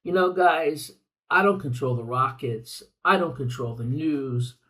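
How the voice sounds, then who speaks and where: A man's voice: medium pitch, unhurried, sharp tone, distant mic, rough recording. An older man hosting a reflective podcast monologue, speaking earnestly and repeating phrases for emphasis. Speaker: podcast host.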